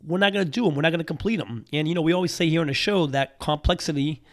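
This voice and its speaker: A man's voice: a little high, rapid-fire. Upbeat man with a sick voice. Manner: upbeat, energetic, repeats phrases. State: sick voice, recovering. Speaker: podcast host. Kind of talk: motivational talk.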